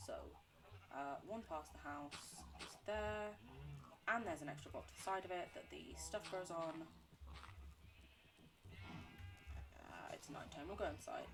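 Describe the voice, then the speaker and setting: A woman's voice: low-pitched, lively intonation, slow, long pauses. A woman livestreaming a game, rambling and chatting with her viewers, laughing often and joking about herself. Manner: responds to chat between game talk. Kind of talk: casual gameplay chat with viewers.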